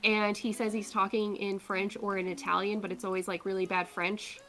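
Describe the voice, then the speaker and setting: A woman's voice: mid-range voice, little pitch movement, normal speed, a bit bright. A woman guest chatting casually and playfully, with lots of fillers as she explains things. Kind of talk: casual chat.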